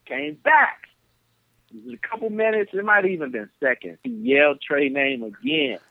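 A man from Flint, Michigan, telling stories as a podcast guest over the phone, animated and acting out the people in them. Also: fairly high pitch, moderate pace, gravelly, no echo. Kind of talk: casual storytelling on a podcast. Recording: tinny phone line.

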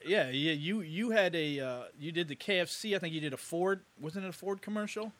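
A man hosting a casual interview, with a bright, forceful voice pitched a bit higher than most men. He talks in a hyped, slangy way, jumping in with quick banter.

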